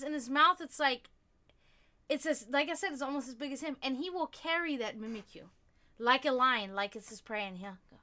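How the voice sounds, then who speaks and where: A woman's voice: sits high, brisk, bright, forceful tone. A woman hosting a livestream, chatting casually with her viewers in a rambling way, with lots of fillers and the occasional swear. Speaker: livestream host. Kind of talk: casual chat with stream viewers.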